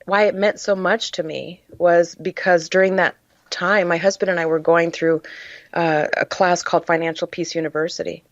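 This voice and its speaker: A woman's voice: lowish voice, fairly even intonation, moderate pace, no room sound, muffled recording. A woman guest on a podcast, earnestly telling her personal story in an emotional way, with frequent "uh" fillers. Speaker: podcast guest, charity founder.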